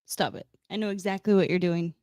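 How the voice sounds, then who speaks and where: A woman's voice: fairly low pitch, fairly even intonation, brisk, a little mellow, clear, resonant tone, no room sound, studio quality. A woman co-hosting a casual morning show, trading teasing retorts. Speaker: radio show co-host.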